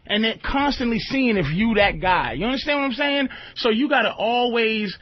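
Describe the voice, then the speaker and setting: A man's voice: very high-pitched, expressive, moderate pace. A man hosting a radio talk show, joking loosely and often asking whether the listener understands. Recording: lo-fi radio recording.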